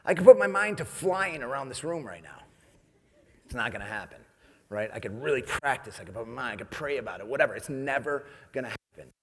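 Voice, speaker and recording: A man's voice: mid-range voice, very animated, fairly quick, breathy edge. Joking male motivational speaker, big reverb. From New York. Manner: jokey, conversational, keeps asking "right?". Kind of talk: comedic keynote speech. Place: event stage in a large hall. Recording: long reverb of a large hall.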